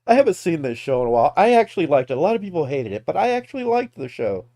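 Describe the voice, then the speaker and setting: A Texan man with a Texan accent rambles casually while reacting to videos as a streamer, laughing often and swearing freely. His voice is fairly high, gravelly and warm, very animated and very fast, with no room sound.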